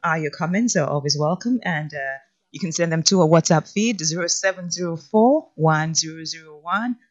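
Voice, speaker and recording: A woman co-hosting a morning news show from Nigeria, reading newspaper headlines aloud in a cheerful, loud way. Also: low voice, normal speed, dull audio. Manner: cheerful, loud, laughs easily.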